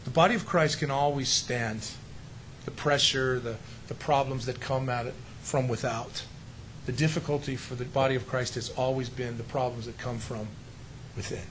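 A man's voice: medium pitch, steady tone, moderate pace, a bit bright, a little hiss or hum, poor audio. A middle-aged male pastor preaching a sermon in an emphatic, conversational way, often asking the congregation rhetorical questions.

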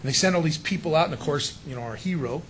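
A man's voice: fairly high pitch, fast, fairly bright tone, a little hiss or hum, low-quality recording. A middle-aged male pastor preaching a sermon in an emphatic, conversational way, often asking the congregation rhetorical questions.

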